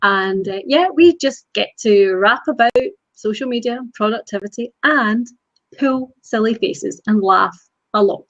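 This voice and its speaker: A Scottish woman with a fairly high voice, co-hosting a relaxed live-stream chat and laughing a lot as she talks. The sound is dry and dull, like webcam audio on a video call. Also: measured pace, no echo. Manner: laughs often, animated and chatty. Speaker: co-host.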